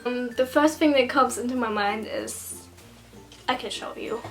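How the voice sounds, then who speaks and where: A woman's voice: on the high side, a little slow, over music, rough recording. A German teenage girl with a German accent doing a casual Q and A vlog, hesitant and self-conscious, stumbling over some words. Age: teens. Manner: hesitant and self-conscious, with nervous laughs and restarts. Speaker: vlogger.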